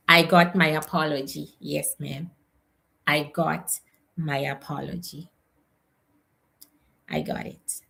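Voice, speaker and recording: A woman psychic medium from South Africa, giving a live spirit reading in a slow, emotional and repetitive way with a gravelly voice. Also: low-pitched, steady tone, sharp tone.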